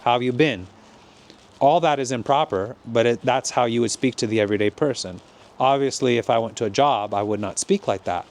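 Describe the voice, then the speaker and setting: A man from California with an American accent, giving a slow, deliberate and encouraging English lesson as a teacher. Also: mid-range voice, a little mellow.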